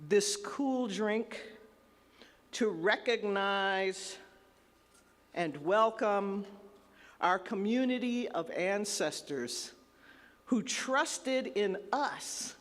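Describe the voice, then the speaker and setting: A woman professor leading a ceremony, speaking a solemn libation and an introduction in a measured way. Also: mid-range voice. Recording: long reverb of a large hall.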